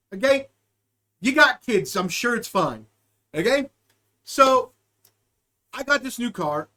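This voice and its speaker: A man's voice: very high voice, bright, forceful tone. A young man hosting a live-stream podcast, chatting with his viewers in a rambling, joking, profane way, riffing from one word association to the next.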